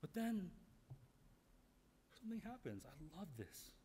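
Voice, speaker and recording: A male pastor preaching a candid, story-driven sermon that swings from quiet asides to loud outbursts. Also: high voice, sing-song, unhurried, slight background noise.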